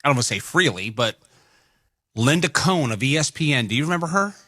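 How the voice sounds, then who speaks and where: A man's voice: medium pitch, animated, quick pace, sharp tone, no room sound. A man co-hosting a morning radio show, talking in a rambling, conversational way at a studio mic. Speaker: radio co-host. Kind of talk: casual morning radio chat. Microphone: studio microphone.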